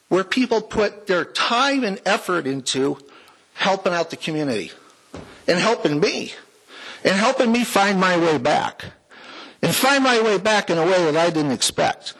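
A man's voice: high voice, lively intonation, unhurried, fairly bright tone, poor audio. A man giving a folksy, heartfelt personal testimony to a church congregation, with small jokes along the way. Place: church sanctuary, before the congregation.

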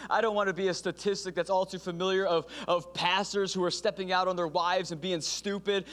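A man's voice: sits high, a bit bright, smooth. A man, a pastor leading a fervent, repetitive prayer and sermon. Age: 30s.

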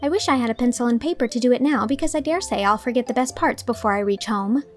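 A woman's voice: fairly high pitch, fast talker, faint music behind, natural voice. A woman voicing an imaginative, talkative teenage heroine who gushes dramatically. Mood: cheerful. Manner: effusive, dramatic.

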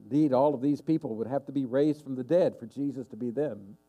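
A man's voice: medium pitch, brisk, mellow. A man preaching a sermon as pastor, emphatic and repeating his key questions for stress.

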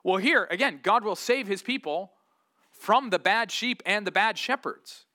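A man's voice: high-pitched, lively intonation, unhurried, pushed and bright. A man preaching an earnest sermon with a conversational manner, asking rhetorical questions and rising into emphatic moments. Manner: conversational, casual asides. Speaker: pastor.

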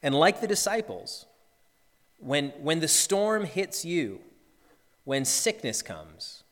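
A man's voice: fairly high pitch, big pitch swings, slow pace, fairly bright tone, long reverb tail. A man, a pastor, preaching an earnest sermon and acting out the disciples' cries.

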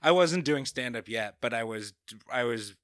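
A man's voice: medium pitch, animated, moderate pace, fairly bright tone. A young man from Long Island with a New York accent, chatting as a podcast guest in a rambling way full of restarts. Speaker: guest comedian. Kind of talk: casual podcast chat.

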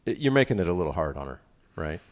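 A low-voiced man leads a sermon as pastor, chatty and animated, keeping the congregation in the conversation. His voice carries a long reverb from the church hall around him. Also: quick pace. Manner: lively, conversational preaching with frequent "right?" asides.

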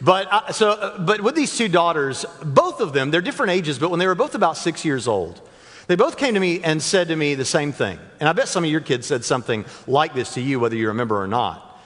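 A man speaks from a church stage to a live audience, his fairly high voice rising and falling with animated energy. He jokes and talks straight to the listeners. Long reverb from the big hall trails after his words. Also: a little fast. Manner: joking, chatty, speaks directly to the crowd.

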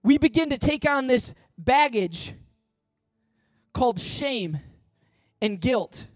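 A man's voice: extremely high pitch, expressive, slow, pauses often, no echo, studio quality. Impassioned male pastor preaching. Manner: impassioned, swings from loud pleading to soft tender asides. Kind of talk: sermon.

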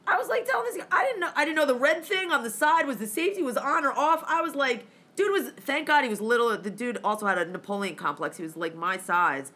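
A woman's voice: a little high, a little fast, hardly any pauses. A woman telling a story in casual chat, swearing freely and acting out both sides of the conversations. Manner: profane, animated, acts out dialogue.

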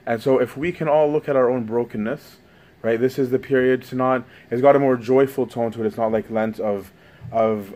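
A man's voice: mid-range voice, a little mellow. A man giving a conversational sermon, often asking "right?" as he goes. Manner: conversational, frequent "right?" tags.

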